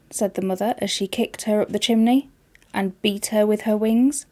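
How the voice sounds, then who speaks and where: A woman's voice: mid-range voice, steady tone, moderate pace, darkish tone. A woman with a Yorkshire accent reads a fairytale aloud and then chats directly to her viewers. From Yorkshire, northern England. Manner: chatty, addresses viewers directly. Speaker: storyteller and channel host. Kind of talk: reading a fairytale and chatting to viewers.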